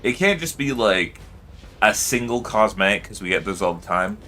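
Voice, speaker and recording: A man's voice: lowish voice, lively intonation, normal speed, sharp tone, a little hiss or hum. A man streaming and chatting casually, rambling with lots of fillers and loose swearing. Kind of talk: casual livestream chat.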